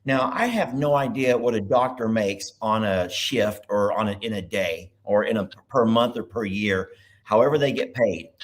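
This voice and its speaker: A man's voice: lowish voice, normal speed. A man hosting a live video chat, chatty and full of questions for callers. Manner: chatty, animated, asks many questions. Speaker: live stream host.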